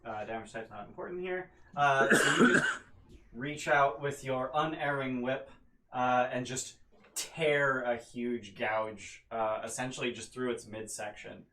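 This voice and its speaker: A man running a tabletop game as game master, narrating events in a relaxed way full of fillers. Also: medium pitch, a little slow, roomy sound, noisy background. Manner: relaxed, filler-heavy descriptions.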